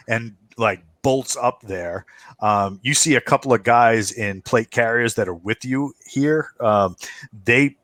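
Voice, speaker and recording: A man narrating a tabletop game as game master, halting with many fillers and restarts while he describes the scene. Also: fairly low pitch, a bit bright, dry recording.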